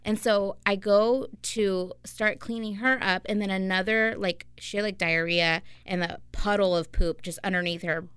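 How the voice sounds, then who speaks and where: A young adult woman co-hosting a podcast, telling an animated, chatty story in casual conversation. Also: medium pitch, moderate pace, few pauses, clean tone, no echo. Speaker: podcast co-host. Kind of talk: casual chat.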